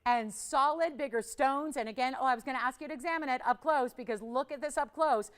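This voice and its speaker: A woman hosting a live jewelry shopping show, pitching pieces with enthusiastic, emphatic selling and repeated phrases. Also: brisk, clean tone.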